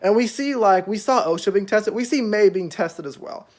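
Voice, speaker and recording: A man's voice: sits high, moderate pace. A young man casually recapping a show's episodes, rambling with lots of fillers and freely swearing. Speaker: show reviewer.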